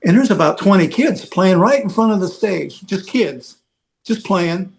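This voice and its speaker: A man's voice: high voice, lively intonation, a little slow, vocal fry. A man telling a long road story in casual podcast chat, rambling with lots of filler phrases. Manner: rambling anecdotal, heavy "you know" fillers. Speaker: veteran rock roadie guest.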